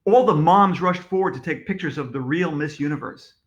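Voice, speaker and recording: A man, an author, reading his own storybook aloud to children in a lively, expressive manner. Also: fairly high pitch, a little fast, highs cut off. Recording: echoey room.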